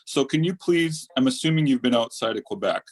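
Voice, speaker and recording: A man's voice: mid-range voice, animated, brisk. A male co-host asking casual interview questions, rambling and restarting his sentences. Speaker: podcast co-host.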